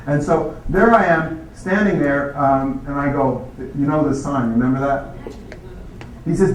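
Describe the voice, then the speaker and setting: A man's voice: medium pitch, a little slow, a little hiss or hum. Storytelling man, echoey distant hall. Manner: acts out others' voices, animated. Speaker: speaker telling his life story. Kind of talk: storytelling talk.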